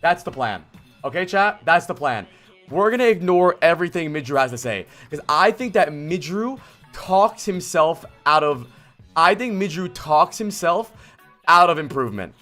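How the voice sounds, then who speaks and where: A man streaming a gameplay vod review, blunt and exasperated, swearing and yelling at the player he coaches. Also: on the high side, animated, normal speed, faint music behind. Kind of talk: livestream game vod review.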